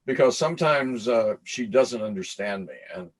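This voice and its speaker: A man co-hosting a casual video call, relaxed and jokey, laughing often. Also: mid-range voice, normal speed. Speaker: co-host interviewer. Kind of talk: casual chat.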